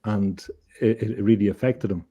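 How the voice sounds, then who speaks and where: A man, a guest on an interview show, telling a story in an earnest, halting way, often repeating words as he thinks. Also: lowish voice, fairly even intonation, warm tone. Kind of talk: conversational storytelling.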